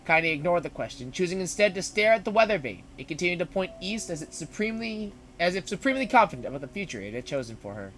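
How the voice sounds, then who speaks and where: A man's voice: high-pitched, expressive, fast, a bit bright. A man streaming, reading a story aloud dramatically and breaking in with joking asides.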